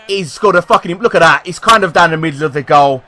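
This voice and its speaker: A man from England commentating live on his own football video game, excitable and swearing, swinging between yelling at the players and deflated muttering. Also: fairly high pitch, quick pace. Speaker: gaming YouTuber.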